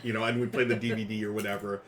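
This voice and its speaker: A man's voice: fairly low pitch, flat delivery, racing, fairly bright tone, a little hiss or hum. A man co-hosting a livestream about a board game, chatting casually with a partner and viewers, often laughing. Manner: chatty, laughing, talks with mouth full. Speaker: game show co-host.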